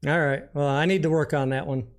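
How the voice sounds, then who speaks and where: A man's voice: a little high, fairly even intonation, brisk. A man hosting a casual livestream, chatting and joking while reading viewer comments aloud. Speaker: livestream host.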